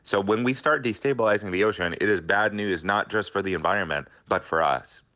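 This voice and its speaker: A man's voice: lowish voice, a little fast, bright, forceful tone. A middle-aged man, a scientist guest on a radio interview, explaining earnestly.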